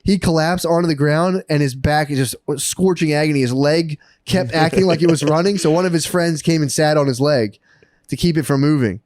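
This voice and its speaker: A man co-hosting a podcast, telling a story in casual chat, excited and profane, laughing and acting out the people he quotes. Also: on the high side, fairly quick, dry recording. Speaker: podcast co-host.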